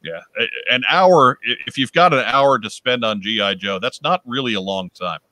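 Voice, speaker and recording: A man's voice: mid-range voice, animated, bright, forceful tone, no echo, low-quality recording. A man co-hosting a casual podcast, joking around and reading listener mail aloud. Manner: joking, quick banter. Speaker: podcast co-host.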